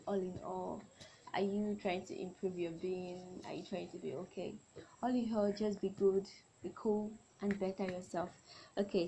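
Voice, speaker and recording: A woman's voice: lowish voice, a little mellow, slight background noise, low-quality recording. A young adult woman hosting a solo podcast, talking in a chatty, rambling way and often correcting herself. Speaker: podcast host.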